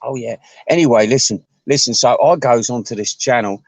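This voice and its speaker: A man's voice: mid-range voice, a little fast, dry recording. A man delivering a crude, rambling comic rant, full of restarts and asides.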